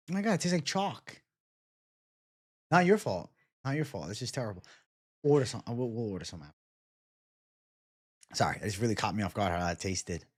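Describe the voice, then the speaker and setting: A man hosts a livestream and chats loosely with viewers in profane banter. His pitch moves in a lively way, and the sound is dry and close to the mic. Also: slightly rough, no echo. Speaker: livestream host. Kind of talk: casual live chat.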